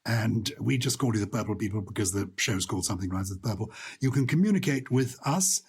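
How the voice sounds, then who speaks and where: Husky-voiced man, chatty co-host. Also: lowish voice, expressive, fast talker, a little mellow. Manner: playful, storytelling, acts out quoted lines. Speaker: podcast co-host. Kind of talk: casual chat.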